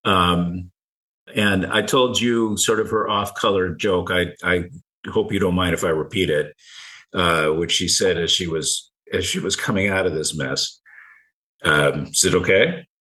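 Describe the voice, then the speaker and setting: Deep-voiced man telling a halting story. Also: sharp tone, poor audio. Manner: halting, repeats words, chuckles. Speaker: guest. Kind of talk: personal story in conversation.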